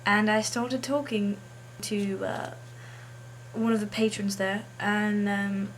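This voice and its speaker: A woman vlogs alone in a deliberately put-on English accent, pausing often on ums and uhs. She talks at an unhurried pace with a mid-range voice, and her remarks carry a snarky edge. A faint hiss sits under the recording. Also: mid-range voice, little pitch movement. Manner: snarky, hesitant with many fillers. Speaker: vlogger. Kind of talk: casual monologue.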